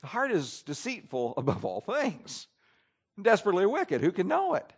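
A man preaching a sermon, emphatic, swinging between loud declarations and hushed asides. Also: high voice, huge pitch swings, moderate pace, breathy edge.

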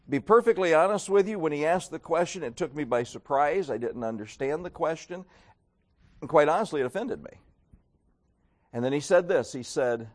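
Folksy middle-aged male preacher, higher voice. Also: big pitch swings, brisk, a little mellow. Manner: folksy storytelling with acted quotes. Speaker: pastor. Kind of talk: sermon.

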